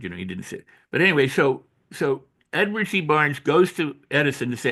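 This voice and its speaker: An older man, an author and coach, talking in an interview with animated storytelling, acting out quoted voices and often restarting his sentences. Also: medium pitch, brisk, gravelly, hardly any pauses. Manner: frequent restarts and repetitions. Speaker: author and personal growth coach. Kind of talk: interview conversation.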